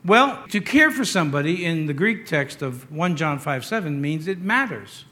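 A man delivers a sermon from the pulpit, his voice sitting notably high for a man. He builds his points through repetition and lightens them with humorous personal anecdotes. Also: big pitch swings, normal speed, bright, forceful tone. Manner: storytelling with humor, repetitive emphasis. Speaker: pastor.

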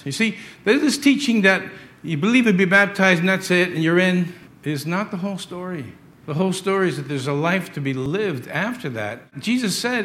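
A middle-aged pastor with a somewhat high voice preaches a sermon, swinging between loud, emphatic lines and quiet asides.

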